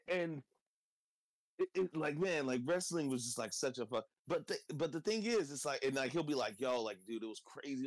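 A man with a low voice talks in loose, rambling casual chat, full of fillers and cursing. His voice sounds dry and close, with no room around it. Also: dry recording. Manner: rambling, swears freely, many fillers. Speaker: podcast co-host.

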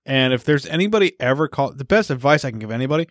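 A man's voice: medium pitch, expressive, racing, dry recording. Male podcast host, casual crude banter, dry recording. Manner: crude, joking, laughs often. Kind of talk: casual chat.

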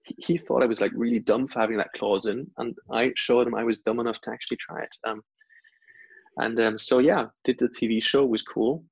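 German-accented guy in an interview, gravelly kinda husky voice, slightly dull lo-fi audio. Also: mid-range voice, a little fast, no echo. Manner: animated, acts out quotes with stammered restarts. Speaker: interview guest, event host. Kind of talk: casual storytelling interview.

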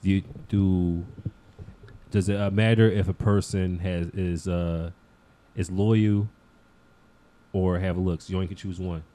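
A man with a low, dark, mellow voice, speaking as a guest on a casual podcast. He sounds laid back and fills his talk with "like". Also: steady tone, a little slow, long pauses. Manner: laid-back, heavy use of "like".

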